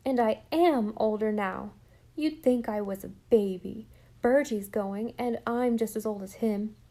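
A woman reading aloud and voicing a sulky, defiant young boy who talks back indignantly in a raised voice. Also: a little slow. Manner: indignant, shouting, higher and louder.

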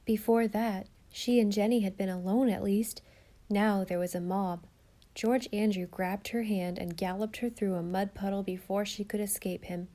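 A woman narrating a storybook in a steady, expressive reading. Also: medium pitch, normal speed. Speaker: audiobook narrator.

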